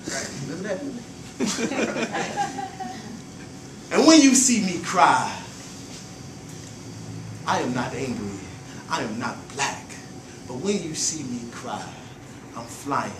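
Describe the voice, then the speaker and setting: A man's voice: mid-range voice, very animated, slow pace, pauses often, noisy background. Man performing spoken-word poetry in a roomy venue. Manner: rhythmic, swings from hushed to loud chant. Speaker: performance poet. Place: open mic venue. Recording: roomy live recording from a distance.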